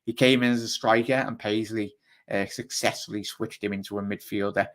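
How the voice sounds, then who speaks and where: A man with a Liverpool accent hosting a live football fan show, chatting fast and rambling while reading out viewer comments. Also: lowish voice, steady tone, a bit bright. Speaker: fan channel host.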